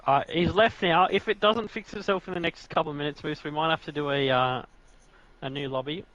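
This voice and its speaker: A man's voice: fairly high pitch, fairly quick, fairly bright tone. A man co-hosting a live racing game stream, chatty and teasing, laughing often. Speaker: stream co-host. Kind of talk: casual live-stream chat and race commentary. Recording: dull lo-fi remote audio.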